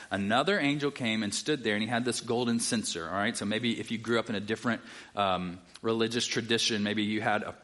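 A man's voice: fairly low pitch, a bit bright. A man teaching a conversational sermon to a live church audience, reading scripture aloud and often checking in with his listeners. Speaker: Bible teacher.

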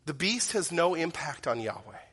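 A man preaching a sermon, earnest and direct as he puts questions to the people in front of him. His voice sits a little high and rings bright and forceful. The sound carries the long reverb of a large church sanctuary. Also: sing-song, normal speed, breathy edge. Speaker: pastor.

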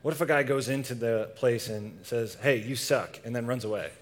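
A young man delivers a relaxed sermon to a youth group at a medium pitch. He talks conversationally and keeps tossing questions out to the audience. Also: fairly quick. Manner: casual, asks the audience questions.

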